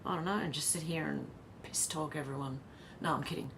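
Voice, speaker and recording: A woman's voice: sits low, fairly even intonation, fairly quick, creaky, noisy background. An Australian woman hosting a casual live stream, reading viewer comments aloud, chatty and blunt, laughing often and swearing.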